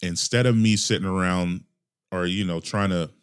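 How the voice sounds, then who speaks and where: A man's voice: low-pitched, fairly even intonation, normal speed, clear, resonant tone. A man hosting his own podcast alone, talking casually in a rambling, jokey and profane way into a desk mic. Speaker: podcast host. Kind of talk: casual solo podcast monologue. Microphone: desk microphone with headphones.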